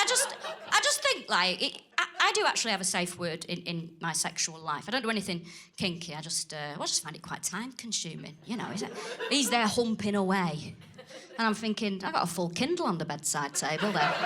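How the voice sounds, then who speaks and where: A woman doing a crude, acerbic stand-up set on a theatre stage, with deadpan asides. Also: medium pitch. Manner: acerbic, crude, deadpan asides with lively put-on voices for others. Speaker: stand-up comedian. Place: theatre stage before a laughing audience. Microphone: stage microphone. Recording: live theatre with loud crowd laughter.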